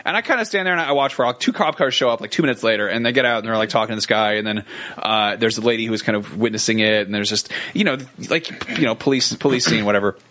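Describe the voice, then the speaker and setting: Co-hosting a comedy podcast, a man with a fairly low voice tells a story at a fast clip. He's an animated storyteller, laughing often and acting out different voices.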